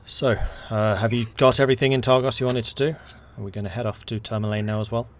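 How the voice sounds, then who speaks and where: A man's voice: medium pitch, a little hiss or hum. Man narrating a tabletop game. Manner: relaxed, unhurried narration with frequent fillers. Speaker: game master. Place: online voice call.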